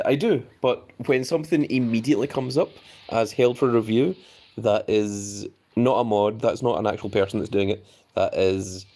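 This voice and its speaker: A man's voice: lowish voice, darkish tone. Guy streaming live, just chatting with his viewers, reads their messages out, easygoing. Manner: chatty, reads viewer chat aloud, loose restarts. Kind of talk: casual live-stream commentary.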